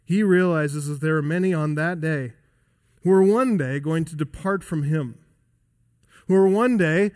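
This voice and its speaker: Emphatic preaching man, high-pitched. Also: normal speed, in a large hall. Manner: emphatic preaching with wide swings in pitch and loudness. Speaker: pastor. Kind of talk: sermon. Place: church sanctuary.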